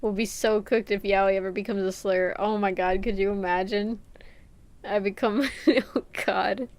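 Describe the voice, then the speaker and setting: A woman's voice: medium pitch, flat delivery, slow, long pauses, smooth, dry recording. A young adult woman streaming a game, chatting casually, reading chat aloud and laughing often. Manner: giggly, playful, reads chat aloud.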